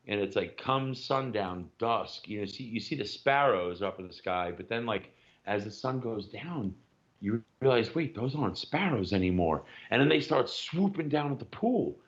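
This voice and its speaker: A man, co-hosting a casual podcast chat and telling rambling, animated stories with plenty of swearing. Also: fairly low pitch, highs cut off. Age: 40s. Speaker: podcast co-host.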